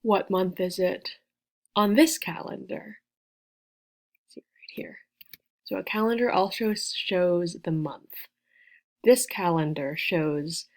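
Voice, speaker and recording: A woman teaching a beginner English lesson, spelling out and repeating words slowly with careful, clear pronunciation. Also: fairly low pitch, a little mellow.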